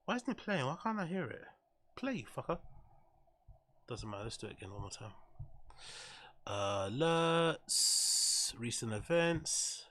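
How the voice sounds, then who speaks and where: A man's voice: medium pitch, sing-song, measured pace, long pauses, pushed and bright. A man hosting a livestream, rambling and swearing casually as he talks to his viewers. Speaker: streamer host.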